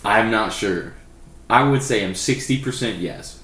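A man's voice: lowish voice, a little slow, fairly bright tone. Laid-back young guy in an echoey room. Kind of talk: casual chat.

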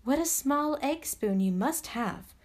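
A woman's voice: high voice, expressive, takes it slowly, darkish tone, pitched above the performer's own voice. A woman voicing a curious little girl princess in a storybook reading, asking eager, wondering questions.

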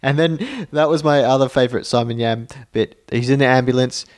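A man's voice: mid-range voice, a little fast. A man casually retelling film scenes on a podcast, with frequent laughs and filler words. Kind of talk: casual film review chat.

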